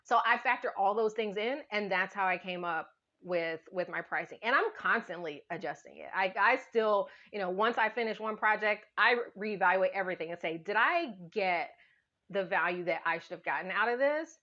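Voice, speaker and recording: A woman's voice: mid-range voice, normal speed, pushed and bright. Woman guest explaining her process, lots of "you know", kinda muffled dull audio. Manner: thoughtful, explains step by step with fillers. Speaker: podcast guest. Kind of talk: casual interview chat.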